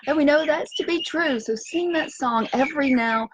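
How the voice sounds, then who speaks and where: This high-sitting female voice moves at a moderate pace with hardly any pauses, captured on a muffled recording with no echo. She's an organic nutrition coach streaming live outdoors by the sea in the wind, exuberant and sing-song, breaking out into chants and cheers.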